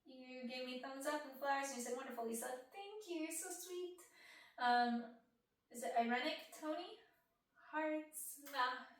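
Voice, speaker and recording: A young woman hosting an ASMR channel talks softly, slipping in and out of a whisper as she answers viewer questions with plenty of fillers. Her voice sits a little high. The recording is very echoey, with the mic some way off from her. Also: measured pace, distant mic. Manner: soft, partly whispered, chatty with many fillers. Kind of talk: soft-spoken Q&A chat.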